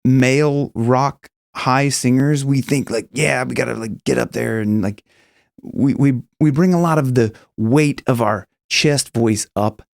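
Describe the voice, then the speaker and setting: A man's voice: measured pace, vocal fry, dry recording. Casual male vocal coach, dry close sound. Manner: casual, rambling explanations with sung high examples. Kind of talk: singing lesson with demonstrations.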